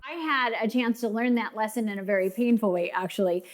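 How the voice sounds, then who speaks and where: A woman's voice: fairly high pitch, a little fast. A woman co-hosting a marriage course, telling a personal story and acting out quoted voices. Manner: lively, acts out quoted voices. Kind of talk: storytelling to an audience.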